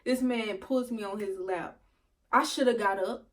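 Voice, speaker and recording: A woman's voice: medium pitch, measured pace, distant mic. Profane, laughing young woman vlogger. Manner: animated, profane, laughs often, addresses viewers. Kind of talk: storytime vlog.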